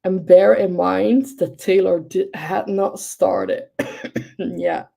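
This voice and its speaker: Slow, gravelly young woman chatting. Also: medium pitch, fairly even intonation, mellow. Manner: gushing, enthusiastic, chatty with many fillers. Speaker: livestream host. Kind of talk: casual chat.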